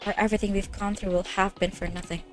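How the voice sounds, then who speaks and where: A woman's voice: medium pitch, little pitch movement, fast talker. A young woman playing a visual novel, reading every character's lines aloud in her own voice, laughing and reacting, with faint game music behind. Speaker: let's play host.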